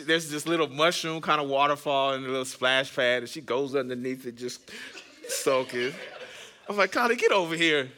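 Man, pastor, thirties, chatty storytelling sermon, bright tense tone. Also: fairly high pitch, a little hiss or hum. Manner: chatty, jokes with the congregation. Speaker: pastor and podcast host. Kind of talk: conversational sermon with personal stories.

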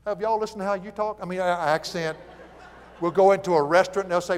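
A man's voice: sits high, fast talker, big-room sound. A man with a Southern US accent preaching a folksy sermon, telling stories and chuckling as he teaches. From American South. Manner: folksy, animated storytelling with chuckles.

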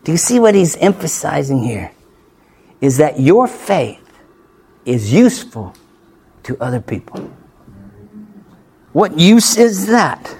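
A man's voice: fairly high pitch, sing-song, slow pace, pauses often, darkish tone, slightly rough. A male pastor preaching an expository sermon, emphatic and punchy, firing off rhetorical questions and tossing in playful asides. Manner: playful asides with light laughs.

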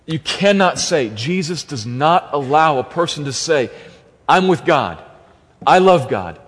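A man's voice: on the high side, big pitch swings, unhurried, husky. A man preaching an expository sermon as pastor, emphatic and repeating key phrases for stress. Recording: long reverb of a large hall.

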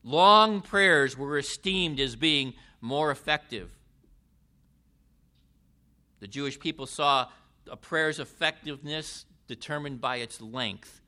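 A man preaching a sermon in a deliberate way, with emphatic rises and falls. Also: fairly high pitch, pushed and bright.

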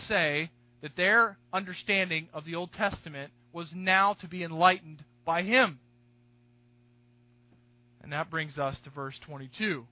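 A male pastor delivering an expository sermon in a fairly high voice. He hammers key words with sudden force, then sinks into quiet, confiding asides. The recording is dry and a little dull, with little sense of the room. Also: no echo. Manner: emphatic, swinging between loud stresses and hushed asides.

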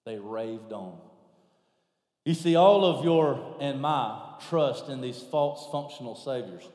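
Male preacher, high voice, lively sermon delivery, roomy reverb. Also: measured pace. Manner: animated, shouting at peaks then dropping very low. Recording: echoey hall.

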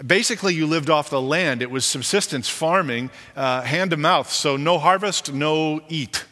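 A man preaching a sermon as a pastor, animated, and acting out the people he quotes. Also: moderate pace. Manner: animated, acts out quoted leaders with rising pitch. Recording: long hall reverb.

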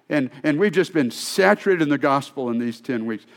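A man's voice: fairly high pitch, lively intonation, brisk, hardly any pauses. A male pastor preaching a sermon in a conversational, storytelling way, often restarting his sentences.

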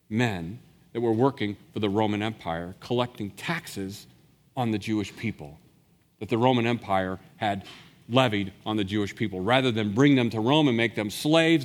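A man preaching a sermon as a pastor, telling the story with animated energy and acting out the voices he quotes. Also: mid-range voice, long reverb tail.

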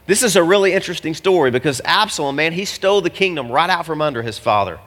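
A man preaching a sermon as pastor, talking to his congregation in a casual, animated way with slangy asides. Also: on the high side, quick pace, long reverb tail. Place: church hall with an audience.

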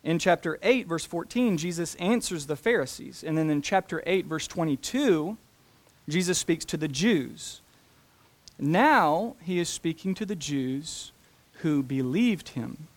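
A man preaching a sermon, talking deliberately and slowing down to stress key phrases. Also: a little high, lively intonation. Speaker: pastor.

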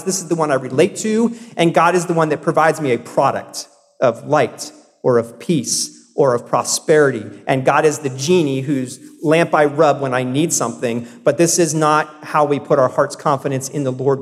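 A man in his thirties preaching a sermon as pastor, earnest and emphatic, often repeating words to stress a point. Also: medium pitch. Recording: long hall reverb.

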